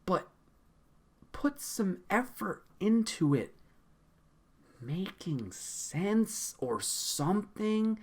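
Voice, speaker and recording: Male podcast host; lively, swooping delivery; casual, profane, exasperated. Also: high-pitched, very slow, pauses often. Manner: laughs often.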